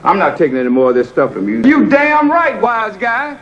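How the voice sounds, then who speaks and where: A furious cursing police boss. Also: male voice, high-pitched, sing-song, moderate pace, reverberant, highs cut off. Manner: scolding, barking, swears constantly. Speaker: police inspector, the hero's boss.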